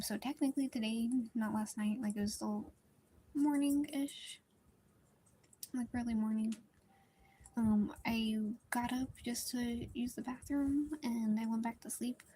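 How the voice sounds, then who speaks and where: A woman's voice: fairly high pitch, dark tone, a little hiss or hum. A young woman chatting casually while drawing, telling a rambling story with lots of fillers and some whispered stretches. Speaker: drawing streamer.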